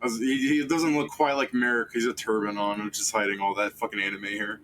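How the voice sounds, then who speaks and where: A man's voice: fairly low pitch, little pitch movement, a little fast, fairly bright tone, a little hiss or hum, poor audio. A man running a tabletop game on stream, talking casually in a rambling, profane way. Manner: rambling, profane, full of fillers. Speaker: game master.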